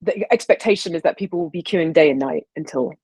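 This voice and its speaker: American historian lady, kinda low voice, thinks out loud with lots of restarts. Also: husky, no echo. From United States. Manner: thoughtful, halting with restarts and fillers. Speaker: historian guest. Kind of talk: interview answer.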